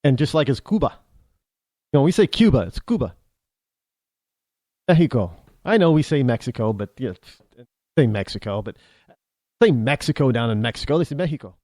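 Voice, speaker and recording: A man's voice: medium pitch, expressive, brisk, pauses often, darkish tone, dry recording. A man with an American accent hosting a talk radio show, rambling through an opinionated monologue with frequent restarts and asides. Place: New England.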